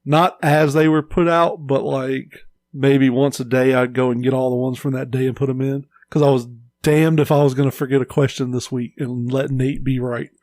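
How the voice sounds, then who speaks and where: A man's voice: medium pitch, little pitch movement, moderate pace, darkish tone, no room sound. A man co-hosting a casual podcast, telling easygoing stories and swearing now and then. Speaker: podcast co-host. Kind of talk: casual chat.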